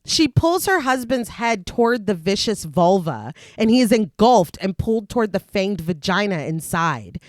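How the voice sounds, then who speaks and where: Woman, podcast co-host, casual chat, lively pitch, dry sound. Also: normal speed, few pauses, no echo. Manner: recaps plot in long lively read-through, laughs often. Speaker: podcast co-host recapping a film. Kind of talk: casual chat and plot narration.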